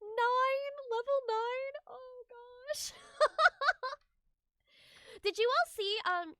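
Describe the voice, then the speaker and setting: A woman's voice: extremely high pitch, very slow, fairly bright tone, no echo, studio quality. A young woman streaming a game, chatting casually with her viewers and giggling often as she gushes her thanks.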